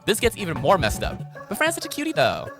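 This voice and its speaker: A man giving scripted, jokey video commentary as a VTuber, in a sardonic, animated way. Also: high-pitched, fast talker. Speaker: VTuber reviewer. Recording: video with clear music under it. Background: background music.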